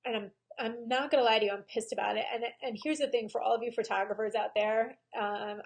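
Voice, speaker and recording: A woman photographer speaking candidly and emotionally in a personal video diary, pausing often with "um". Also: fairly high pitch, steady tone, creaky. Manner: frank and emotional, with frequent pauses and "um"s. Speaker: photographer and vlogger.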